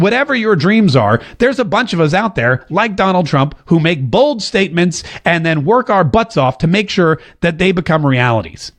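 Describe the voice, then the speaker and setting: A man hosting a casual political commentary show to camera, animated and jokey, slipping into a drawl when he quotes someone. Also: high-pitched, normal speed, few pauses. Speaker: host. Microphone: talking to a camera.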